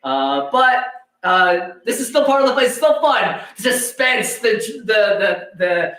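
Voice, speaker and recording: Upbeat rambling co-host, echoey room. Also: male voice, high-pitched, lively intonation, measured pace, bright, forceful tone. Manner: rambling, upbeat, with filler words. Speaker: co-host running giveaways. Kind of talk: livestream chat.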